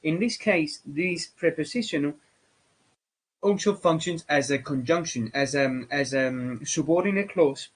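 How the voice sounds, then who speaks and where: A man whose first language is Spanish, lecturing on English grammar as a teacher, halting with many fillers and restarts. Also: a little high, breathy edge, poor audio.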